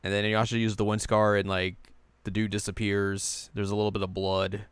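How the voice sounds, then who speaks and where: A man co-hosting a podcast, recapping an anime episode in casual chat and dropping into quick silly voices for the characters. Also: lowish voice, little pitch movement, smooth, dry recording. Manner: retells scenes with quick goofy character voices.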